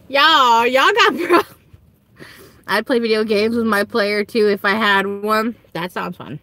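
A young woman with a Southern US accent chatting casually to viewers on a livestream from home, giggling and breaking into high squealing quotes. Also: fairly bright tone. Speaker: livestream host.

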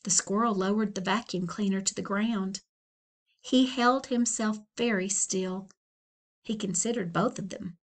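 A woman librarian reading a children's book aloud with expressive, unhurried storytelling. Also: medium pitch. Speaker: school librarian.

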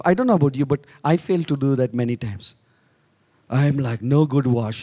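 A man preaching a sermon as pastor, moving between soft low asides and raised emphatic lines. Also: normal speed. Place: church hall. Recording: echoey church hall.

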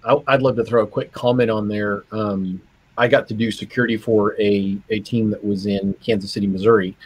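A man joining a video-call conversation, speaking flatly and matter-of-factly, heard from a distance over muffled audio. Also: lowish voice, a little fast, slightly rough. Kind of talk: casual video-call interview.

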